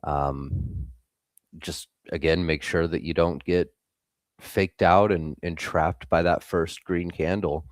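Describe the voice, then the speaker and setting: A man's voice: sits low, fairly even intonation, slow pace, dry recording, studio quality. A young man hosting a live trading stream, giving blunt, casual market commentary and swearing freely.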